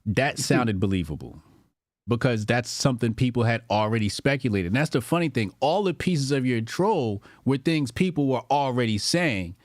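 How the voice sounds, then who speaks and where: A man interviewing a guest, asking calm, steady questions in casual conversation. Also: medium pitch, normal speed, few pauses, no echo, clean studio sound.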